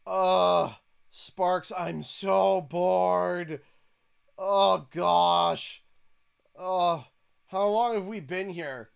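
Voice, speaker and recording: A man's voice: sits high, big pitch swings, normal speed, no echo, studio quality. A Canadian man voicing a restless young male dragon hero who gets bored easily, with a laid-back, whiny drawl.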